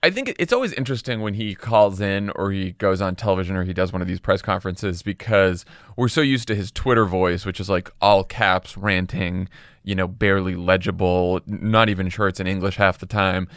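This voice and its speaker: A man's voice: low-pitched, a little fast, fairly bright tone, no echo, studio quality. A man co-hosting a casual political podcast, sardonic and often laughing. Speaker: co-host.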